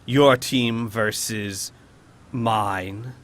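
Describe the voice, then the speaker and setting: A man's voice: lowish voice, fairly even intonation, a bit bright, no room sound. A man doing an arrogant beholder overlord. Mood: menacing. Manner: slow, imperious, commanding delivery. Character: arrogant beholder arena master, male, menacing.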